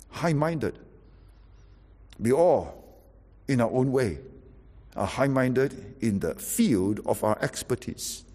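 Male preacher, husky, wide swooping pitch, loud-to-soft emphatic delivery, big reverberant hall. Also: takes it slowly, long pauses. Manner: emphatic, animated preaching with sudden drops to quiet. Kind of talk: sermon.

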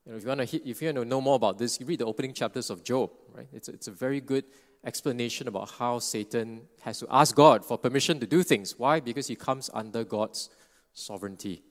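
A male preacher delivering an earnest expository sermon at a medium pitch. He explains patiently, restarting phrases and tossing in quick "right?" asides. His voice rings out with the long reverb of a big church hall.

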